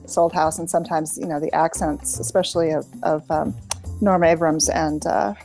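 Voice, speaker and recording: A woman's voice: low voice, steady tone, gravelly, dark tone, soft background music. A middle-aged woman from New England chatting casually about a TV show, often restarting her sentences. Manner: halting, many restarts. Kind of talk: casual chat.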